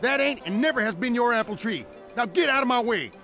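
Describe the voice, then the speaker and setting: A rude, impatient villager. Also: male voice, extremely high pitch, lively intonation, a little fast, vocal fry, pushed and bright, soft background music, exaggerated voice. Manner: dismissive, impatient. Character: rude quarrelsome male villager. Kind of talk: game voice acting.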